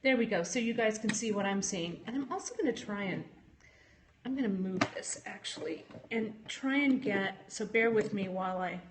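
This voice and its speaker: A woman's voice: medium pitch, normal speed, noisy background. Chatty woman livestreaming from her bench. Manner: chatty, with frequent "um"s, reads and answers viewer chat. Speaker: jewelry maker hosting a livestream. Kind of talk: casual live-stream chat. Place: home jewelry studio. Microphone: phone.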